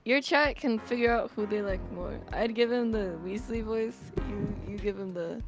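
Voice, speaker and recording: Young woman, casual, giggly, blunt, game stream chat, music clearly behind. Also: mid-range voice, moderate pace. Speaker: co-streamer, voice actor. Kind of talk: casual chat over gameplay.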